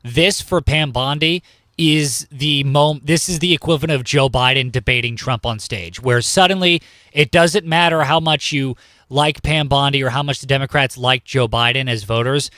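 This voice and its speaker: A man's voice: medium pitch, normal speed, bright, forceful tone, no room sound. Man hosting morning talk radio, dry sound. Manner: conversational, reads listener prompts. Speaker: radio news host. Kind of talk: casual talk radio chat.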